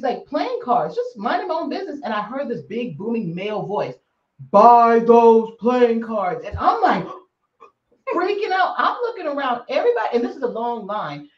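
A woman guest telling a story in a casual interview, animated and laughing often. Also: high voice, a little fast, highs cut off. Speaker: psychic guest. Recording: distant roomy remote call audio.

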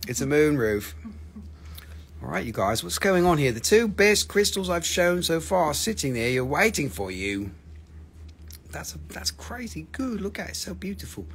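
A man's voice: a little high, sing-song, normal speed, fairly bright tone, slightly rough. A man hosting a live crystal sale, chatting casually with viewers in a joking, teasing way and swearing freely. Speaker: host selling crystals on a livestream. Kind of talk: casual live sales chat.

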